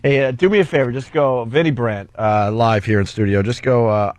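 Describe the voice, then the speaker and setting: A man's voice: medium pitch, a little fast, no echo. A man hosting a comedy talk radio show from a studio, teasing and goading his co-hosts. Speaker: radio host.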